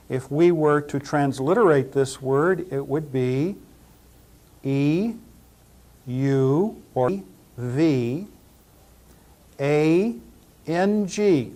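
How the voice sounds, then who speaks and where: Very slow, deliberate man teaching Greek. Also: a little high, a little mellow. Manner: slow and deliberate, repeating each word and spelling it out. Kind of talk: slow pronunciation lesson.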